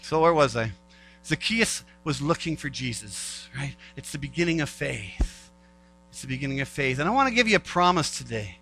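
A man's voice: medium pitch, very animated, normal speed, gravelly, pushed and bright, faint music behind, low-quality recording. A male pastor giving a conversational sermon. He repeats key phrases and acts out the voices of doubters.

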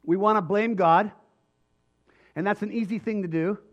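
Guy preaching a sermon, bit high voice going hoarse, lots of emphatic restarts, muffled lo-fi sound. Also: moderate pace. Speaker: pastor.

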